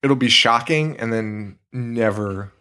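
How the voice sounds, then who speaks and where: An excitable man co-hosts a horror podcast, talking at an ordinary mid pitch. He retells gory scenes with relish, swears freely and slips into quick impressions of the characters. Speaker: podcast co-host. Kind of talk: casual movie review chat.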